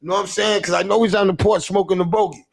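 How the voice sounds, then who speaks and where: A man with a high-pitched, gravelly voice tells a comic story as a rant. He is animated and profane, and he keeps checking in with "you know what I'm saying". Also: racing.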